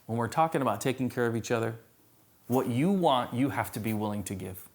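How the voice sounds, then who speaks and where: Lebhafter Prediger, Mann, Gemeindegottesdienst. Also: male voice, medium pitch, fairly quick. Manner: conversational, animated preaching with humor. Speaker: pastor. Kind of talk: sermon.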